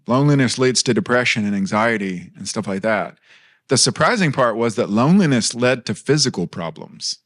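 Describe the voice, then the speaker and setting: A man's voice: mid-range voice, expressive, fairly quick, fairly bright tone. A man in his thirties preaching a sermon in a church, earnest and conversational, mixing personal stories with light humor.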